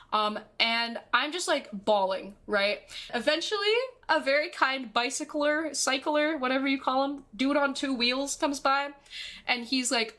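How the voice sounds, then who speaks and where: A young woman telling a story to her stream chat in a casual, animated way, swearing constantly and acting out what people said. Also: on the high side, normal speed.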